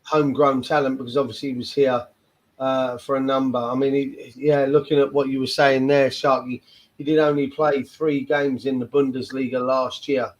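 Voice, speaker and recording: A man hosting a casual football fan podcast, often pausing and restarting his sentences. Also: mid-range voice, flat delivery, rough recording. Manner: hesitant, restarts with repeated words. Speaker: podcast host. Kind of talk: casual chat.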